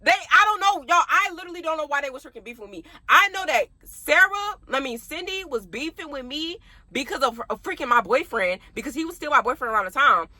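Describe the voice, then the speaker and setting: Young woman, chatty storyteller, laughs a lot, crisp bright tone. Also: high voice, expressive, fast, no echo. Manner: chatty, laughs often, talks straight to viewers. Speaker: vlogger. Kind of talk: casual storytime.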